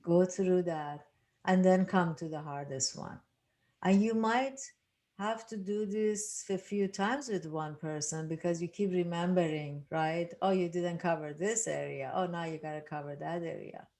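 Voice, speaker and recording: Slow, unhurried woman leading a workshop. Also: lowish voice. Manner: gentle, unhurried, repeating phrases. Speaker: workshop leader. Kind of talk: guiding a grief workshop.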